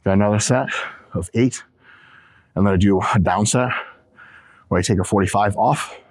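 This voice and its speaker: Low-voiced joking man in a gym. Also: moderate pace, darkish tone, slight background noise. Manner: profane, joking, rambling. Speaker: fitness channel host. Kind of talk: casual gym vlog talk between sets.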